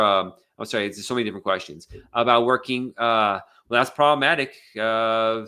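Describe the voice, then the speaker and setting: American man, bright forceful voice, casual live Q&A, loose and rambling. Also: on the low side, brisk, clean tone. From United States. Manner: loose and conversational, with many fillers and restarts. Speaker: immigration attorney hosting a live Q&A. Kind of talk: casual live Q&A, reading viewer questions.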